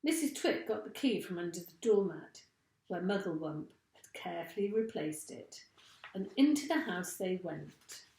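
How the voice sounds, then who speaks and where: A woman teacher reading a children's storybook aloud with expressive, deliberate delivery. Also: on the low side, gravelly. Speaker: primary school teacher. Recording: roomy echo.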